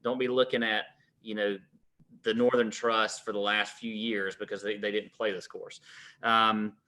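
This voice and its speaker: A man's voice: on the low side, level tone, sharp tone. A man co-hosting a golf betting show, rattling off course details in a casual way with plenty of fillers. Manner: rapid-fire stats rundown with many fillers. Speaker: co-host.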